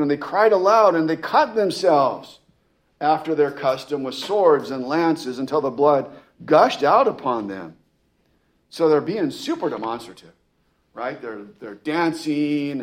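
Man teaching scripture conversationally. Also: medium pitch. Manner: conversational, often asks "right?" and restarts phrases; reads scripture aloud with raised emphasis. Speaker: Bible teacher. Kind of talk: scripture reading with casual commentary.

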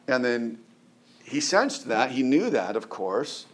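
A middle-aged man preaching in a loose, conversational way, with a voice of ordinary middle pitch. He tosses "right?" at his listeners and stumbles over repeated words. He leaps up high to stress a point. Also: slow. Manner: keeps asking "right?", restarts and repeats words; animated, jumps up in pitch for emphasis. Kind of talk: conversational sermon.

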